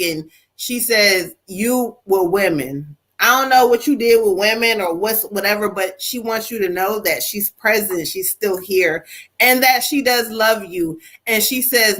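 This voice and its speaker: Bright-voiced woman doing a spirit reading. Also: mid-range voice, rough recording. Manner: animated, playful, conversational. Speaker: psychic medium. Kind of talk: live-stream spirit reading.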